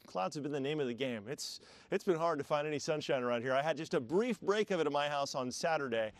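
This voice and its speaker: A man delivering a live TV weather forecast in a chatty, upbeat way, with easy asides to his colleagues. His voice sits a little high for a man. The studio sound is dry and close. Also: no room sound. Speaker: TV meteorologist.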